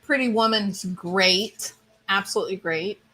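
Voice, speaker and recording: A woman's voice: mid-range voice, unhurried, fairly bright tone, slightly rough. A woman streamer casually chatting with her viewers, rambling and thinking aloud with enthusiasm. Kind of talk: casual chat.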